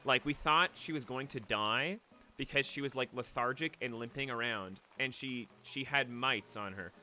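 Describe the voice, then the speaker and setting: Young guy on a late night stream, kinda choked up, rambly and sweary, super bright tone. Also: medium pitch, moderate pace. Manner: rambling, emotional, with restarts and swearing. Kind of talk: casual late-night game stream chat.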